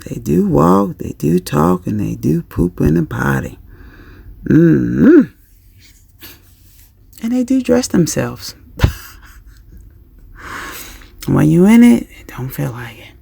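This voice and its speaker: A woman with a heavily gravelly, husky voice talks through parenting tips on her vlog. She speaks slowly but swings her pitch up and down a lot, acting out scenes and giving pep talks. The sound is close and dry. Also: no echo. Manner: lively and chatty, acts out scenes and gives pep-talk tips. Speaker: parenting vlogger. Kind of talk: casual parenting advice vlog.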